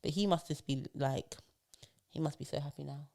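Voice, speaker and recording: A woman with a low-pitched voice co-hosts a podcast in relaxed, casual chat. She talks in an animated way and often slips into mocking impressions of posh speakers. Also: normal speed, gravelly. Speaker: podcast co-host.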